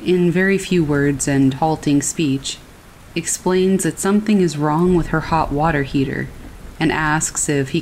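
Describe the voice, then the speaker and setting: A woman narrating horror stories in a calm, steady way, as a scripted reading. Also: low voice, slight background noise, poor audio. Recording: faint rain behind the voice. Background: rain falling.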